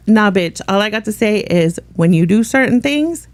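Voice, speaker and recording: A woman's voice: medium pitch, expressive, moderate pace, hardly any pauses, no echo. A woman vlogger giving blunt, sassy, profane commentary, her voice strained so she struggles to talk. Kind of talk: casual ranting commentary.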